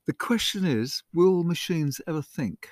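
A man as a podcast guest, chatting casually in quick, musing remarks. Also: fairly high pitch, animated, darkish tone, no echo, studio quality. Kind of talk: casual chat.

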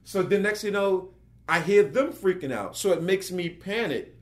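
A man, a working actor, telling an anecdote as a guest and acting out the voices of the people in it. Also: normal speed. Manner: lively, acts out quotes with big pitch jumps. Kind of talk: animated storytelling.

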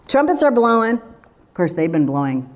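A woman's voice: lowish voice, a little mellow. Woman preaching a conversational sermon. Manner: conversational, emphatic, with rhetorical questions.

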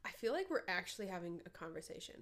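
A woman's voice: lowish voice, sing-song, very fast. A young woman from Minnesota with a light Minnesotan accent, co-hosting a podcast in rambling, profane casual chat on a studio mic. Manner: rambling, profane, with many "like" fillers. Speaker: podcast co-host. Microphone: headphones and studio mic.

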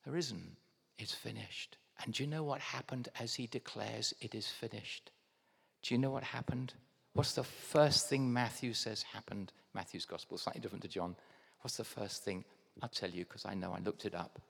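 An English man preaching a sermon to his congregation, animated and direct, dropping to a hush and then bursting out loud. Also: lowish voice, moderate pace, gravelly, slightly rough, big-room sound. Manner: addresses congregation directly as guys. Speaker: pastor. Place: church hall.

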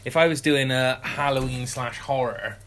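A woman co-hosting a podcast in casual chat, dry and low-key. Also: normal speed, fairly bright tone. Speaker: podcast co-host.

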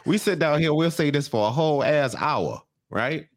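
Animated, cussing podcast co-host. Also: male voice, fairly high pitch, moderate pace, no echo, clean studio sound. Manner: profane, exasperated, animated storyteller. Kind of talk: casual reality-TV recap banter.

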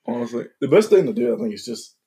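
A man's voice: mid-range voice, sing-song, fast, mellow. A young man with a Southern accent, joking around and swearing freely in casual chat with friends.

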